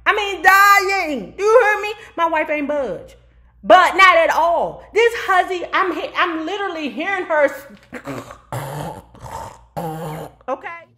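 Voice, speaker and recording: A sassy woman with a high voice spins a comic story for her viewers. She stretches words out for drama and keeps pulling the audience in with quick asides. The talk is loose and chatty, as if she is putting on makeup while she talks. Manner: sassy, animated storyteller who keeps asking the audience "you heard me?"; dramatic emphasis with drawn-out words. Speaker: vlogger telling a story.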